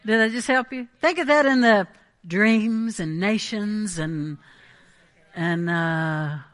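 A woman's voice: mid-range voice, takes it slowly. A woman preaching a Pentecostal sermon, emphatic and conversational, often checking in with the congregation.

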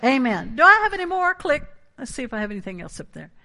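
A woman preaching a sermon in an animated, emphatic way, with asides and laughs. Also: sits high, fast.

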